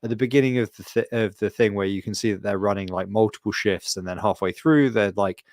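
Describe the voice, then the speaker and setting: Rambling low-voiced man in casual chat. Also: fairly quick, a little mellow, dry recording, clean studio sound. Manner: rambling, heavy on "like" and swearing. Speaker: podcast co-host.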